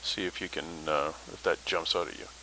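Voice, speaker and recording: A man's voice: low-pitched, fairly even intonation, normal speed, bright, forceful tone, slight background noise, rough recording. A man hosting a paranormal podcast, telling his story in a casual, rambling way with many fillers.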